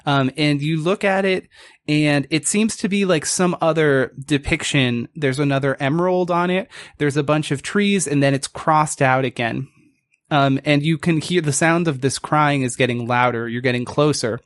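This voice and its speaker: A man's voice: a little high, moderate pace, no room sound. A man narrating as game master in a casual, meandering way, full of fillers. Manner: casual, filler-heavy, laughing asides.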